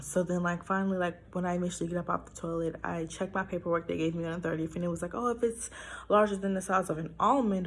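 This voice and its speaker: A woman's voice: fairly low pitch, vocal fry, slight background noise. Emotional woman telling a personal story. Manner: emotional, talks through it with fillers. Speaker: vlogger sharing a personal story.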